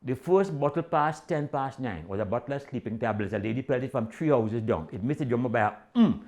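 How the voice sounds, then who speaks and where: An older man with a Trinidadian accent telling a comic story in dialect, animated and acting out the characters. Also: mid-range voice, fairly quick. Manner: animated Caribbean-dialect storytelling with voiced quotes.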